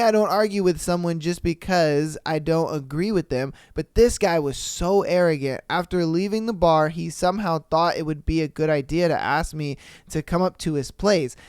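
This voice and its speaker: Animated man hosting a podcast. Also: clear, resonant tone, no room sound, studio quality. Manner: animated, swearing, jumps into high mock voices. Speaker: podcast host. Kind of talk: casual podcast commentary reading listener stories.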